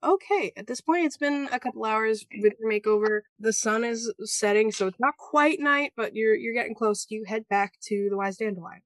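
A woman narrating a tabletop role-playing game as game master, lively and prone to swearing. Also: fairly high pitch, normal speed, few pauses, dry recording. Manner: animated, swearing freely.

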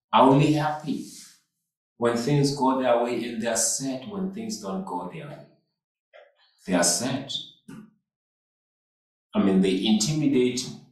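A man preaching a sermon as pastor, repeating phrases and calling out to the congregation. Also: medium pitch. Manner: slow, repetitive preaching with call-outs to the congregation. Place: church hall. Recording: echoey hall, mic far off.

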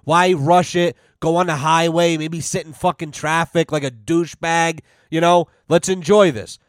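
A young man rambles through a casual podcast story and swears freely. His voice sits a little high for a man, and the sound is dry and close, with no room echo. He keeps tagging "you know what I mean" onto his lines. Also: fairly even intonation, normal speed. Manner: loose, rambling, heavy profanity, constant "you know". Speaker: podcast host.

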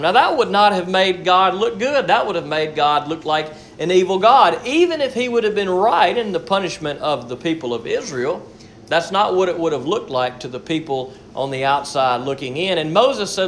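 High-voiced man preaching a sermon. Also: animated, normal speed, fairly bright tone, a little hiss or hum. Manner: repeats words as he searches, earnest and explanatory. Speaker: pastor.

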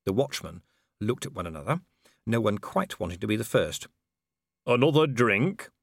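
Animated male audiobook narrator. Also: lowish voice, fairly quick, creaky, husky, dry recording, clean studio sound. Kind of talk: scripted narration.

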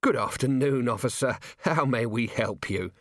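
A man's voice: medium pitch, lively intonation, moderate pace, dry recording, clean studio sound, lightly acted. A man voicing a nervous, fussy male factory owner who talks in jittery, hesitant bursts. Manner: jittery, hesitant speech with ums.

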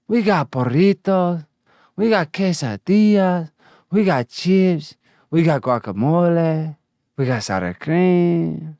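A man hosting a comedy show, delivering a brash, swaggering rant that keeps slipping into sing-song chants and sudden shouts. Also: on the high side, vocal fry, no echo, studio quality.

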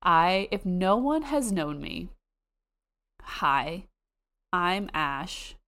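A young woman from the United States co-hosting a podcast, chatting casually and excitedly with quick asides and frequent laughs. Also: on the low side. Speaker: podcast co-host. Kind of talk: casual chat.

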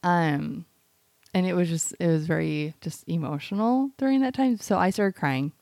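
A woman's voice: lowish voice, normal speed, a little mellow, no echo, clean studio sound. A woman co-hosting a casual podcast chat, rambling through a personal story with a constant "like". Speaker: podcast co-host.

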